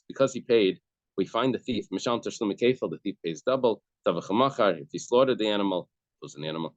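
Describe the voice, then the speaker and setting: A man's voice: fairly low pitch, no echo. A man teaching a Talmud class, explaining each case step by step and repeating key phrases. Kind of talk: daf yomi class explanation. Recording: dull, dry lo-fi recording.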